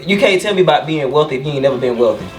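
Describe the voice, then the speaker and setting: Talking very fast and animatedly in a high voice, a young barber lays out his personal opinions on his podcast, recorded in his shop. Faint music plays behind him, the distant mic sounds roomy, and he keeps asking "you know what I'm saying."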